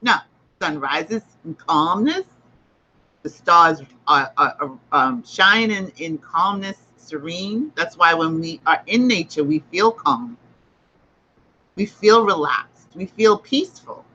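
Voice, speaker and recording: Bright-voiced woman hosting a spiritual talk. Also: lowish voice, lively intonation, slow, dull audio. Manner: emphatic, repetitive, preachy. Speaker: host. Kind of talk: livestream spiritual book discussion.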